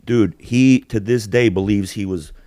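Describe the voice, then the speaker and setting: A man's voice: lowish voice, measured pace, dark tone, no echo, studio quality. A man in his forties hosting a podcast, telling stories in a blunt, profane, rambling way. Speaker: podcast host. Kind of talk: casual storytelling chat.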